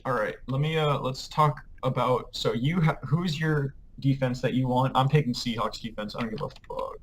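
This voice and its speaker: A man's voice: medium pitch, normal speed, a little hiss or hum, rough recording. A man co-hosting a podcast in casual sports banter, brash and profane, stumbling over his words now and then. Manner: brash, profane trash talk. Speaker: podcast co-host.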